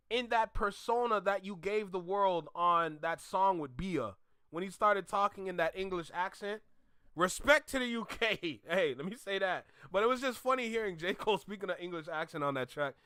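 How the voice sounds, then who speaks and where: A man in casual commentary, animated and mocking, laughing often as he reacts to a clip. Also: very high-pitched, clean tone, no room sound, studio quality.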